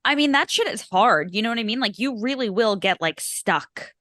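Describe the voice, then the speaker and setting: A woman's voice: a little high, expressive, normal speed, pushed and bright, no echo, studio quality. A young woman from Long Island co-hosting a movie podcast, chatty and full of fillers. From Long Island, New York. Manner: chatty, lots of fillers and laughs. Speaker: podcast co-host. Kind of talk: casual chat.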